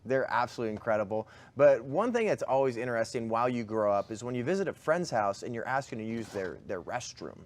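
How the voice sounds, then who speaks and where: A man's voice: medium pitch, sing-song, a little hiss or hum. A man hosting a talk show, joking playfully in casual studio chat. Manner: playful, joking, quick asides.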